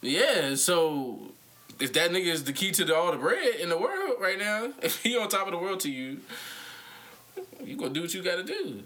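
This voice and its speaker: A young man chatting casually on a podcast, animated and joking, full of slang and quick impressions. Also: sits high. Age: young adult. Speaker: podcast host. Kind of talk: casual chat.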